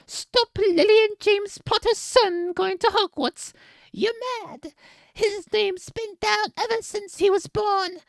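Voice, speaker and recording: A woman voicing a big gruff male gamekeeper in a put-on Scottish accent, reading aloud from a storybook on a stream. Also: very high voice, dry recording, voice pushed up.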